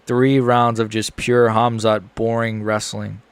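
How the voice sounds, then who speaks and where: A young man streaming a live fight reaction, excitable, swearing and repeating himself as he swings from groaning despair to shouting. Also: fairly low pitch, measured pace, clean tone, no room sound.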